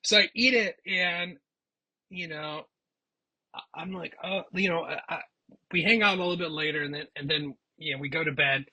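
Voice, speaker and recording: A man's voice: fairly high pitch, normal speed, pushed and bright, slightly rough, highs cut off. A man vlogger telling a personal story in a chatty, rambling way with frequent restarts. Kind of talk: casual storytelling.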